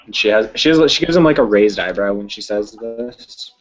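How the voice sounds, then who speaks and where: A man's voice: on the low side, expressive, normal speed. A man playing a tabletop role-play and plainly describing his character's actions. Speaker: player. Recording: dull lo-fi mic.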